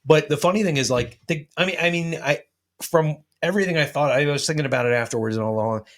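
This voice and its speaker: A man's voice: fairly high pitch, fast. A man telling a long, profanity-laced anecdote in casual chat, acting out what people said. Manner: profane, rambling anecdote with acted-out quotes. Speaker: host.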